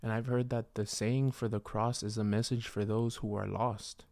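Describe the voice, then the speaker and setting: A young man telling a personal faith story in a casual, rambling way, with many fillers and a soft, reflective delivery. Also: on the low side, flat delivery, normal speed, vocal fry, no room sound, studio quality. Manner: rambling, full of "you know" and "like". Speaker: vlogger sharing a faith testimony.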